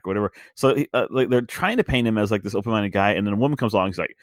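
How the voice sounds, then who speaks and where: A man's voice: fairly low pitch, rapid-fire, hardly any pauses, dry recording, studio quality. A man co-hosting a podcast, chatting casually about a film and acting out characters' lines. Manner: animated, acts out characters' lines. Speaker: podcast co-host. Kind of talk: casual film review chat.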